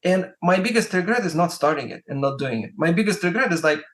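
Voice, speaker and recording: A man's voice: fairly high pitch, expressive, fast, a bit bright. A man with a Russian accent giving casual advice as a guest, rambling and peppering his talk with "like" and "right?". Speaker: guest, music promoter.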